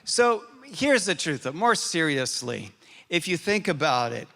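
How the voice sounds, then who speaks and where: A man preaching a sermon as pastor, moving between self-mocking humor and earnest, quiet reflection. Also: on the high side, sing-song, unhurried, gravelly. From Arizona, USA. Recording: reverberant hall.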